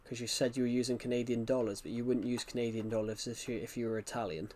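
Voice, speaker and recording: British gaming streamer, young man, relaxed back-and-forth with chat. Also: medium pitch, quick pace. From United Kingdom. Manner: chatty, answers viewers' questions as they come. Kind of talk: casual livestream chat while playing.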